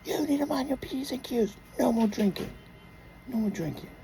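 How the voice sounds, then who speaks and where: A man's voice: very high voice, animated, normal speed, creaky, dark tone, slight background noise, pitched above the performer's own voice, exaggerated voice. A man imitating a mother sternly scolding her family. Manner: stern, emphatic.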